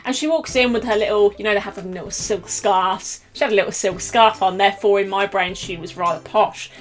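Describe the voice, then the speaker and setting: A young woman chatting through a storytime vlog, animated and laughing often as she acts out the quotes. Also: mid-range voice, brisk, faint music behind. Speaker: YouTuber telling a story. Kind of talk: casual storytime chat.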